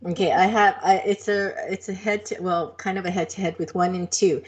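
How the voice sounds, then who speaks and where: A woman's voice: mid-range voice, fairly even intonation, brisk. A woman co-hosting a podcast in casual chat, talkative, laughing easily and telling rambling stories. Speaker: podcast co-host.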